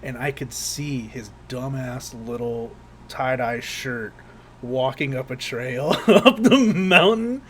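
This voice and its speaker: A man's voice: medium pitch, slow, crowd noise. A young man co-hosting a podcast, telling rambling, profane stories in casual chat and laughing often. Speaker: podcast co-host.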